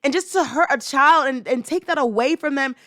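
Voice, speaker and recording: A young woman with a high, slightly bright voice hosts a casual commentary podcast, speaking fairly quickly. She is heated and emphatic, repeats herself and uses slang, recorded close and dry with no room sound.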